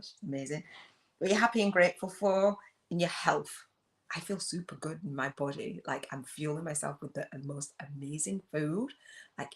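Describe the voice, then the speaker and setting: A middle-aged woman hosting a livestream on spiritual business, talking earnestly and emotionally, repeating herself and reading out viewers' comments. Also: deep voice. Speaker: spiritual business coach and host. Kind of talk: livestream talk with journal prompts.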